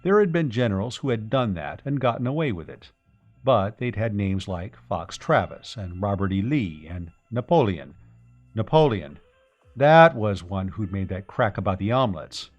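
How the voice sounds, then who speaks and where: A man reading a science fiction audiobook aloud in a steady, even storytelling voice. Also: lowish voice, moderate pace, lo-fi sound, soft background music. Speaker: narrator. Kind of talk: scripted audiobook narration.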